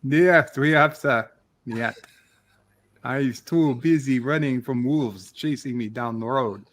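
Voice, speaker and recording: A man putting on a deepened mock Russian accent in slow, deadpan goofing. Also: close to an everyday voice. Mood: mock-grave.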